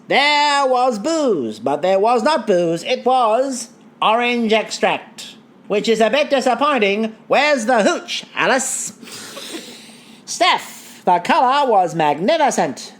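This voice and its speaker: A woman's voice: a little high, fairly bright tone, full character voice. A woman putting on a hammy 1920s radio announcer voice, making grand proclamations with sarcastic asides.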